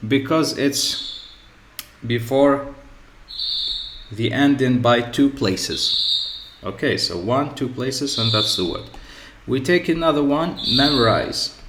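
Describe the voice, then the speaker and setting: A man teaching English word stress in a slow, repetitive lesson, often pausing with "okay" and "so". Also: mid-range voice, expressive. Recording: echoey room with faint ambient noise.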